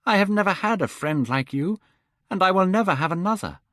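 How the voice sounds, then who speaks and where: Man doing a devoted painter in a storybook, earnest, lively voice. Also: high voice, a little fast, no room sound, clean studio sound, pitched above the performer's own voice. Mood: pleading. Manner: earnest, pleading.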